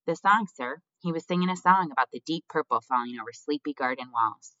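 A man's voice: on the high side, expressive, a little fast, bright, forceful tone, no echo, pitched above the performer's own voice. A man voicing a small, polite and earnest young male mouse, in a storybook reading. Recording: dull dry lo-fi recording.

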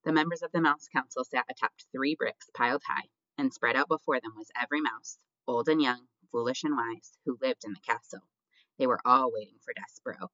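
A man narrating an audiobook in a measured, expressive storybook reading. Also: medium pitch, dry recording. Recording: dull dry lo-fi recording.

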